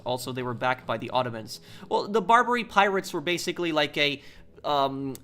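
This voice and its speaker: A man's voice: medium pitch, a bit bright. A man who hosts a live stream from the United States, reading viewer comments aloud and answering them in a rambling, opinionated way while he plays.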